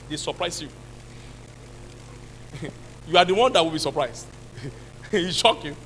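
A man with a Nigerian accent preaching a sermon as pastor, now and then shouting and laughing with the congregation. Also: high-pitched, a little hiss or hum, poor audio.

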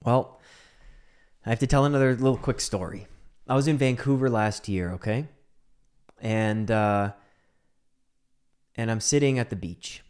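A man's voice: medium pitch, lively intonation, measured pace. Dramatic storytelling man, whispers and bursts. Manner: dramatic, swings between hushed whispers and emphatic bursts. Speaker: speaker on mental health. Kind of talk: personal storytelling talk. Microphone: microphone.

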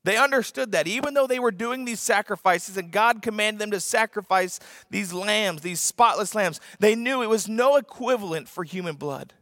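A man preaching a sermon as a pastor, telling a story with lively acted-out voices and sudden shouts for emphasis. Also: high voice, moderate pace, few pauses, dry recording, studio quality, long reverb tail.

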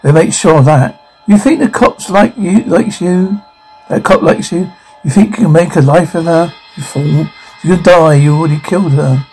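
A man's voice: a little high, normal speed, a little mellow, slightly rough, faint music behind, low-quality recording. A man doing a sneering evil double. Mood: gloating. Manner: sneering, mocking taunts. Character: taunting evil male double of the hero, crude and gloating.

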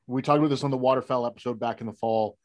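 A man's voice: mid-range voice, fairly even intonation, very fast. A man hosting a casual podcast, teasing his co-host and arguing playfully.

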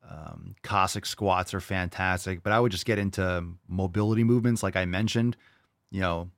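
A man's voice: low-pitched, steady tone, moderate pace, gravelly, no room sound, studio quality. A man hosting a podcast and answering listener questions in casual chat, blunt and profane, mocking with disbelief. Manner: blunt, profane, mock-incredulous.

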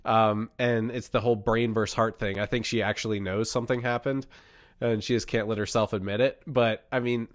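A young man on a remote call, a podcast co-host telling a personal ghost story in a casual, animated way. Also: on the low side, fairly quick, no echo, studio quality. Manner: animated storyteller, acts out voices in quotes.

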